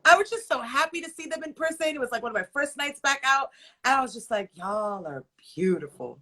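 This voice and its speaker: A woman's voice: sits high, quick pace. A young woman guest in a casual interview, telling personal stories and acting out what people said. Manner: expressive, acts out quotes in stories. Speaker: guest, model and stylist. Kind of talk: casual chat.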